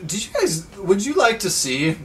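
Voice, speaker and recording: A man's voice: high voice, very animated, normal speed, far from the mic, slight background noise. A man co-hosting a casual podcast, easygoing and asking the others questions. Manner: easygoing, asks the group questions. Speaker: podcast co-host. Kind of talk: casual chat.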